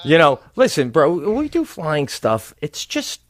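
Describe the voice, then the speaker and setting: Animated middle-aged man telling stories. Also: on the high side, a little slow, no echo. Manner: animated storyteller, casual swearing. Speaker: podcast co-host. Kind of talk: casual comedic chat.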